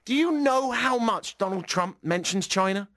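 A man's voice: high-pitched, lively intonation, moderate pace, a bit bright, dry recording, clean studio sound. A man hosting a radio show in casual chat, with a wry, sarcastic way of talking.

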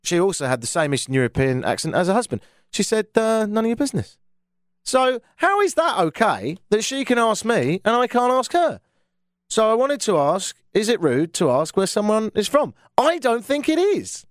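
A man's voice: high voice, huge pitch swings, normal speed, no room sound, clean studio sound. A middle-aged man from England with a London accent, hosting a call-in radio show in a chatty, jokey, self-mocking way. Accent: London English. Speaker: radio phone-in host. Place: radio studio.

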